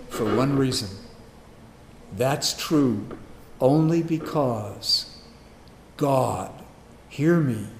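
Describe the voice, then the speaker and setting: A man preaching a sermon, emphatic, swinging between loud declarations and quiet low asides. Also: a little hiss or hum. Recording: echoey room with faint ambience.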